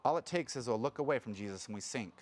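A man giving a sermon as a pastor, talking casually and acting out quotes in a louder voice. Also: mid-range voice, quick pace. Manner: conversational, animated preaching with sudden loud acted quotes.

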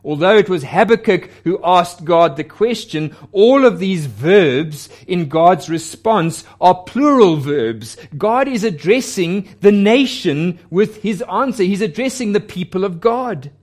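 A male pastor preaching a sermon with a fairly high voice. He takes his time, spacing out each phrase and leaning into quoted lines with earnest emphasis. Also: expressive, a little slow, hardly any pauses, darkish tone.

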